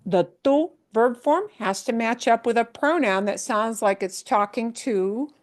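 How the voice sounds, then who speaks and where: A woman leads a Spanish lesson at an unhurried pace. She explains each point patiently, checks often that her students follow, and mixes English with Spanish examples. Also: fairly high pitch. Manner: slow, patient explaining with many checks like "right?". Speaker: Spanish teacher. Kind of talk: live language lesson.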